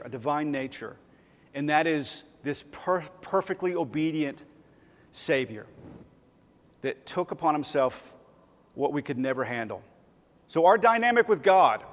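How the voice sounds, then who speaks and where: A man's voice: fairly high pitch, big-room sound. A man preaching a sermon in a church, conversational and self-deprecating, sometimes acting out little voices. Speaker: pastor. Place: church sanctuary.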